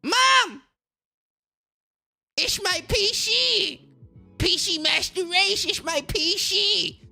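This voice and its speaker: A man voicing a whiny young male PC gamer nerd who begs his mom, in a squealing, drawn-out, bratty voice. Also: very high voice, creaky, pushed and bright, faint music behind, voice pushed up, heavily acted.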